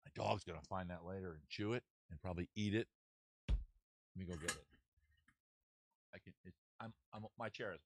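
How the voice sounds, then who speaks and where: A man's voice: low voice, a little fast, long pauses, a little hiss or hum. A man hosting a comedy livestream, rambling and self-mocking in a casual chat style. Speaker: host.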